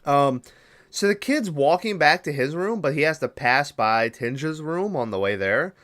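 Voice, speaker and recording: Speaking at a moderate pace, a man with a fairly bright, expressive voice on the high side hosts a podcast recapping a film. His style is loose and profane, wandering off and circling back whenever something slips his mind.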